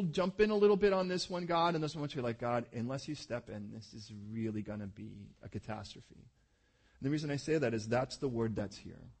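A man preaching a sermon in a conversational, humorous way, acting out quoted prayers and voices. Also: on the high side. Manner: humorous, self-deprecating asides. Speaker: pastor.

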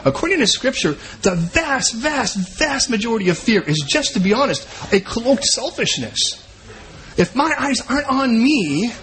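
A man preaching a sermon in an animated way, acting out the voices of the people he quotes. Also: sits high, a little hiss or hum. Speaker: pastor.

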